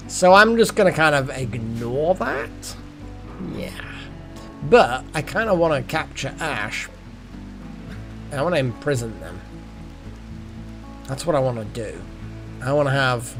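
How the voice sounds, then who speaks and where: A man's voice: mid-range voice, unhurried, long pauses, faint music behind. A man streaming a colony-building game live, thinking aloud with muttered asides and wry jokes. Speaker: gaming streamer. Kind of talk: live gameplay commentary.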